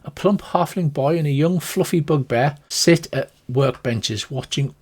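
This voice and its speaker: A man's voice: a little high, unhurried. A man narrating and running a tabletop game as game master, in a rambling way full of fillers and restarts.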